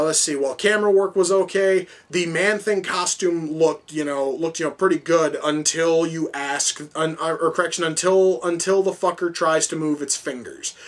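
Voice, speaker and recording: A man giving a casual, profane, exasperated film review, rambling as he goes. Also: high-pitched.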